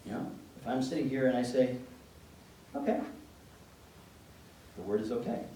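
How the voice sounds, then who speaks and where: A Canadian-accented man with a mid-range voice talks fast in an informal lecture to parents, livening it up with anecdotes where he acts out dialogue in different voices. He's captured by a distant room mic in a large, echoey meeting room with faint noise.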